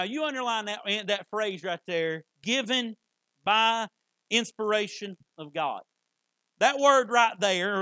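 A man's voice: high voice, sharp tone, no room sound, poor audio. A man preaching a sermon, fervent and emphatic, repeating key phrases for weight. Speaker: pastor.

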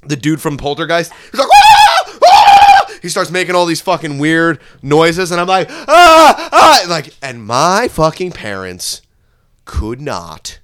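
A man's voice: a little high, moderate pace, slight background noise. A man co-hosting a podcast, telling a wild story in casual chat, swearing freely and acting out screams. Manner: animated storyteller, swears a lot, shouts out quoted screams. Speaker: podcast co-host.

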